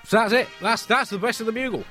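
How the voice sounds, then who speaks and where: A man, a podcast co-host telling absurd comic stories in a playful, deadpan way. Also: very high voice, quick pace, soft background music. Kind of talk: comic storytelling.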